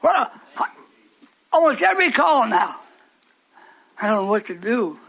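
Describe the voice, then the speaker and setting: An older male preacher delivers a fervent, rambling radio sermon to a church congregation. His voice sits very high and sounds husky and breathy. He drifts into stories and asides as he goes. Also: sing-song, a little slow, fairly bright tone.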